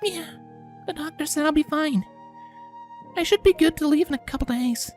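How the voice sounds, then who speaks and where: A man voicing a young female unicorn filly with a high, soft, fragile voice, reading a story with faint music behind. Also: moderate pace. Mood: tired. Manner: small, fragile, pleading.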